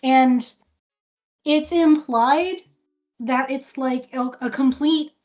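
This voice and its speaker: A woman's voice: high voice, slow, darkish tone. A woman streamer casually recapping a film, rambling, restarting sentences and swearing often.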